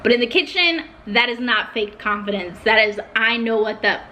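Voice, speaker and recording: Bright-voiced young woman vlogging. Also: fairly high pitch, lively intonation, moderate pace, slight background noise. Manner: heartfelt, emotional at times. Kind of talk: casual talk to camera.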